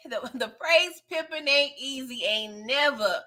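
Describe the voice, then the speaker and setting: A high, bright woman's voice in a relaxed recap chat, sassy and slangy, breaking into laughter as she talks right to her audience. She keeps it loose and personal, like catching up with friends about last night's episode. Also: a little slow, hardly any pauses. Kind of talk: casual live recap chat.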